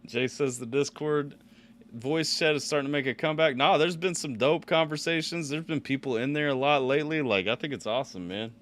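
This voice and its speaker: A man hosting a live music reaction stream, bantering loudly with laughs and swearing. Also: fairly high pitch, fairly quick. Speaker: stream host.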